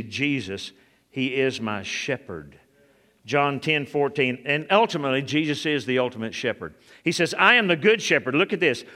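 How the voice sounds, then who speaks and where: A man's voice: mid-range voice, pushed and bright. A man preaching a sermon, calling out to the congregation and building to a fervent, raised delivery. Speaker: pastor.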